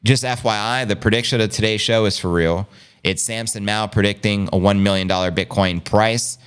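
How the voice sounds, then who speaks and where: A Long Island, New York native with a New York City area accent hosts a casual live stream in a lowish, clear and resonant voice at a moderate pace. Animated and full of hype, he reads the chat and talks to viewers like family.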